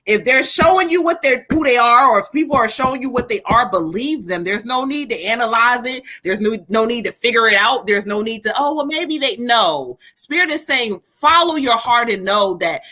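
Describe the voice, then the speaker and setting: A woman hosting a casual live stream of card readings, her voice bright and sitting a little high. She jokes, laughs and curses freely with her viewers, then settles into giving the reading. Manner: laughing, bantering, profane, addresses viewers directly.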